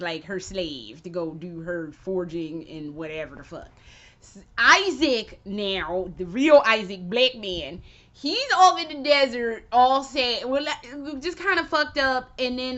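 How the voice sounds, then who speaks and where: Excitable, foul-mouthed woman vlogger, bright tone. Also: a little high, dull audio. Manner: excitable, profane, rambling. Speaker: video game vlogger. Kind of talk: casual spoken TV review.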